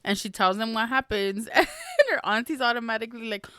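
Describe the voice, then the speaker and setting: A woman's voice: fairly high pitch, steady tone, a little fast, sharp tone, clean tone, no room sound, clean studio sound. A woman hosting a podcast, chatting casually and laughing often as she recaps a book. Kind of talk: casual chat.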